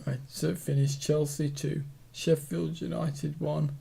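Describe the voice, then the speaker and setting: A man's voice: on the high side, level tone, a little slow, creaky, dark tone, slight background noise. A man hosting a casual football chat show, reading out results and stammering a little. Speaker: show host.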